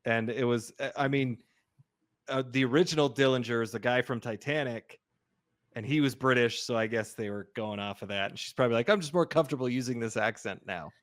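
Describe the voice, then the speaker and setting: Male podcast co-host, relaxed and agreeable casual film chat, average pitch. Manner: easygoing, agreeable, quick to laugh.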